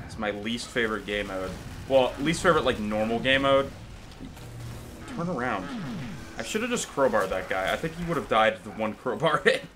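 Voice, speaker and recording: A young man talks through his gameplay live, excitable and loose with his swearing. His pitch swings widely as he reacts, and he often breaks into yelling. Loud game noise runs under his voice the whole time. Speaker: gaming commentator.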